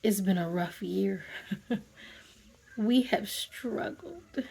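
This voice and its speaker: Gravelly-voiced woman telling a personal story. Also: mid-range voice, extremely slow. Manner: animated, conversational, acts out her own reactions. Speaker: therapist; vlogger.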